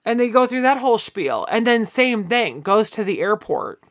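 A woman's voice: a little high, sing-song, moderate pace. A woman co-hosting a podcast in casual chat, retelling scenes animatedly and acting out quotes. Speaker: podcast co-host.

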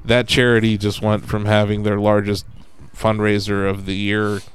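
A man hosting a casual podcast, talking in an animated way and swearing when he gets worked up. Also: on the low side, normal speed, clean tone. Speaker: podcast host.

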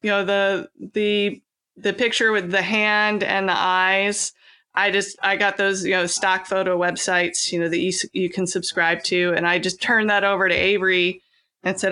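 A woman's voice: lowish voice, level tone, moderate pace, pushed and bright. A woman from California, an author and podcast guest, chatting casually and laughing often, with many fillers and restarts. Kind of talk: casual interview chat.

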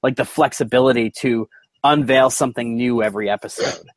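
A man co-hosts a podcast in quick, tumbling speech. He rambles and repeats words as he restarts thoughts, and his voice sounds dry and close. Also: mid-range voice, steady tone, dry recording. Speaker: podcast co-host. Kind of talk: casual podcast chat.

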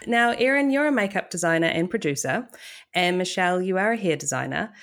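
Upbeat low-voiced woman podcast host. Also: expressive, fairly quick. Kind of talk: interview hosting.

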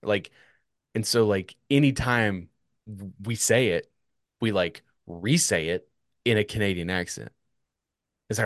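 A man's voice: lowish voice, unhurried, long pauses, no echo, clean studio sound. A young man telling a story in casual chat, rambling with lots of filler words, swearing now and then. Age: young adult.

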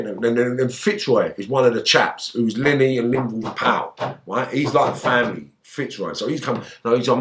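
Guy, ex-crook vibe, swears constantly, yells out the quotes in his stories. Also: mid-range voice, moderate pace. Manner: animated storyteller, shouting out quoted outbursts, heavy swearing. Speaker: interview guest, former gangster. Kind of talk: casual storytelling interview.

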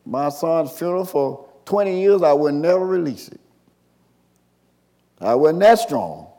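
Impassioned older preacher. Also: male voice, fairly high pitch, lively intonation, a little slow. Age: 60s. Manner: call-and-response preaching, swinging from quiet to shouting. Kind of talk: sermon.

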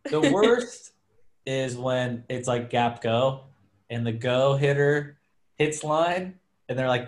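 A man in casual chat as a podcast co-host, telling animated, joking stories about playing volleyball. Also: mid-range voice, slow. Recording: roomy echo.

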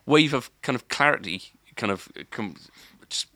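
A man's voice: mid-range voice, expressive, moderate pace, sharp tone, dry recording. A man telling a long story on a podcast, rambling and restarting often. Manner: rambling, lots of filler and restarts. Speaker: podcast co-host. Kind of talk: casual storytelling.

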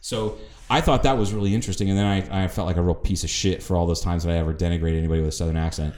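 A man's voice: low voice, steady tone, very fast, a little mellow. A man from the northern United States co-hosting a podcast in casual chat, rambling through tangents and swearing freely. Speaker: podcast co-host. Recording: roomy echo.

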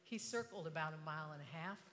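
An older woman giving a motivational talk to an audience, impassioned, swinging from hushed tones to shouting. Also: low voice, fast, long reverb tail, slight background noise. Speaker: inspirational speaker.

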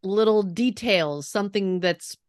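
A woman's voice: mid-range voice, measured pace, dry recording, studio quality. A woman guest on a podcast, chatting casually about films with frank, emphatic opinions. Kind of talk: casual movie chat.

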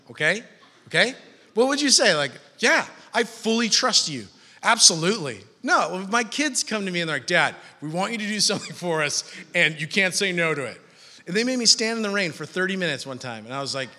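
A middle-aged male pastor preaches with a high, bright voice that swings widely in pitch. He tells funny stories and acts out quoted voices. His voice carries a long reverb, as in a church hall. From California. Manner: animated, joking storyteller, acts out quoted voices. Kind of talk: sermon.

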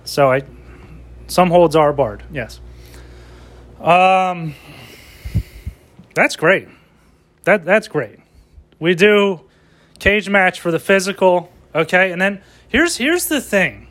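A man ranting as a comedian, excitable and profane as he riffs. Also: high-pitched, takes it slowly, pauses often.

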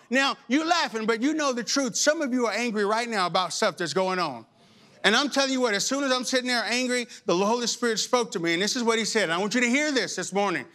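A male pastor preaching a sermon in an animated, humorous and exhorting way. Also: extremely high pitch, quick pace.

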